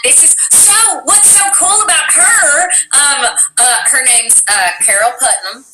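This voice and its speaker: A woman's voice: sits high, a little slow, very noisy. A woman from Tennessee with a Tennessee Southern accent, chatting animatedly as an interview guest and leaning on "like" a lot. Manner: chatty and animated, heavy use of "like". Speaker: voice actress guest. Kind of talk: casual interview chat. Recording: echoey room, distant mic, faint music.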